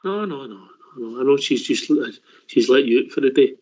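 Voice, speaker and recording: A man's voice: mid-range voice, lively intonation, normal speed, dull audio. A man hosting a football phone-in, bantering in an easygoing, joking way. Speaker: radio phone-in host. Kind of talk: casual football phone-in chat.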